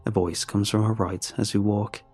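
A man's voice: fairly low pitch, level tone, moderate pace, a little mellow, breathy edge, faint music behind. A man narrating a first-person adventure story in a wry, conversational way, speaking the lead's lines himself.

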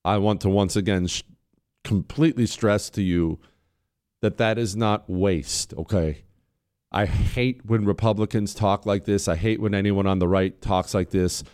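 A man hosting a talk radio show, emphatic and sarcastic, swinging from loud mockery to low, intense points. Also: steady tone, measured pace, clean tone.

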